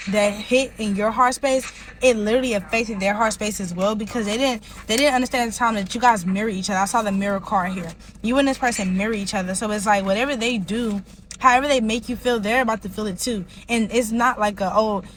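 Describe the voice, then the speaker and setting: A woman's voice: mid-range voice, slight background noise, low-quality recording. A woman giving a casual tarot reading in a rambling way, leaning heavily on filler words. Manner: rambling, heavy use of "like" fillers. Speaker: tarot reader.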